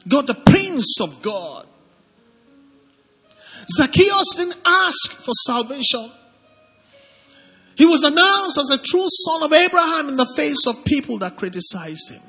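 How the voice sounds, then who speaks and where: A man's voice: extremely high pitch, slow pace, long pauses. A man with a Nigerian accent, a pastor preaching and leading prayer, calling on the congregation to respond. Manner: animated, calls on congregation to respond. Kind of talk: sermon with prayer. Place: church service hall. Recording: long hall reverb, faint music behind.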